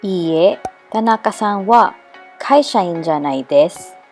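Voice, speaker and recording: A woman teaching a beginner's language lesson, who explains each step with careful, clear enunciation and slips in Tagalog phrases now and then. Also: fairly low pitch, expressive, takes it slowly, a little mellow, soft background music.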